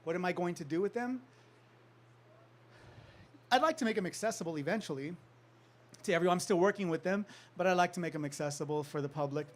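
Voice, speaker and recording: A man from California telling a long anecdote to a live audience, animated, acting out the people he quotes and laughing often. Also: high voice, fast, pauses often. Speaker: author giving a talk. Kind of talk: storytelling talk to an audience.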